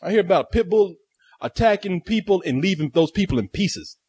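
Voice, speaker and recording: A man's voice: high voice, lively intonation, a little fast, a little mellow, slightly rough, dry recording. A man co-hosting a casual comedy chat, swearing and laughing often. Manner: laughing, profane. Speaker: co-host.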